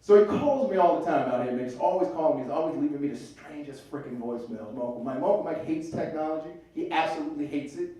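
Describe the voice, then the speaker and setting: A comedian with a fairly high voice tells loose, profane stories on stage. The sound is roomy and distant, as if caught from the back of the club. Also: male voice, fast, hardly any pauses, dark tone. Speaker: stand-up comedian. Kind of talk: stand-up comedy set. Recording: echoey club from far off.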